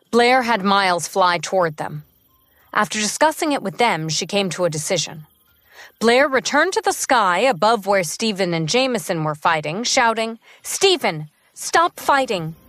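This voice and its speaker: A woman narrating a fantasy story in a steady, even audiobook reading. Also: medium pitch, dry recording.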